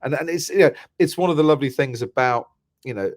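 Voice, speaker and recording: A middle-aged man from England tells long, rambling stories in a relaxed podcast chat, often restarting his sentences. His voice sits at an ordinary pitch and is recorded close and dry, with no room sound. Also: fast talker, no room sound. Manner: chatty, storytelling, many restarts. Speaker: guest, motorsport commentator.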